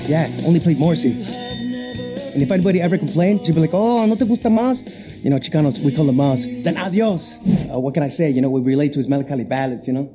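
An actor plays a cheerful, chatty thief who tells everything in a rushed, rambling flood of words. His voice sits a little high. Film music plays clearly behind him. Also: natural voice. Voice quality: rapid, animated, rambling storyteller. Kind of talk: film dialogue.

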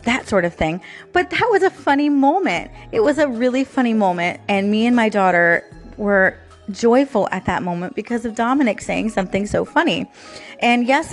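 Chatty woman with faint music behind. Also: mid-range voice. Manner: chatty, laughs often, many fillers. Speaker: podcast host. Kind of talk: casual devotional talk.

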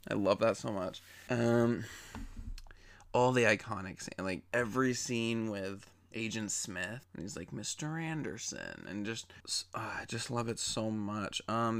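Young adult male, casual enthusiastic reviewer, slightly low voice. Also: fairly bright tone. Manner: chatty and enthusiastic, with many fillers. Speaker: movie reviewer.

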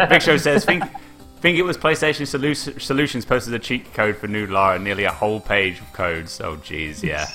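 A man's voice: fairly low pitch, normal speed, bright, forceful tone, faint music behind. A man co-hosting a podcast, chatting casually about old video games, laughing often and acting out quotes in a raised voice. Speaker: podcast co-host.

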